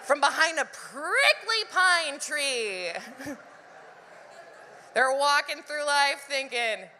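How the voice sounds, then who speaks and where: A woman doing live stand-up, with a high, bright voice that leaps all over. She is animated, acts out other voices and laughs often. The sound rings with a long hall reverb. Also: slow, a little hiss or hum. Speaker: stand-up comedian. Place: live comedy venue.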